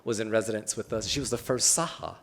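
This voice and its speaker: This panelist at an arts event has a lowish, gravelly voice and talks fast. His manner is easygoing and loose, with frequent "um" and "kinda" fillers.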